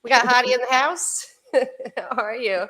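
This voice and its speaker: This is a woman in her fifties with a slightly high voice, hosting a casual podcast livestream. She is bubbly and talkative, laughs easily, and keeps turning to greet the people watching. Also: a little slow, pushed and bright. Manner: bubbly, laughs often, chatty asides to viewers. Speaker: podcast host.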